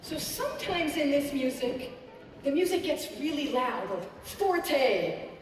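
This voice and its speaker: Woman, high voice, children's concert host, encouraging, distant mic, echoey concert hall. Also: moderate pace, noisy background. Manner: lively, encouraging, speaking to children. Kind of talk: teaching children at a family concert. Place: large concert auditorium.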